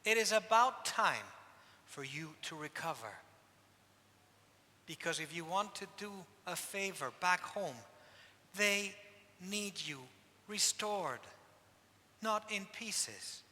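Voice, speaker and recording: A man's voice: sits high, slow, pauses often. A man, a priest, preaching a sermon at a penitential service, telling stories with emphatic repetition. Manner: emphatic, repeats key phrases, animated storytelling. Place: church. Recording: long church hall reverb.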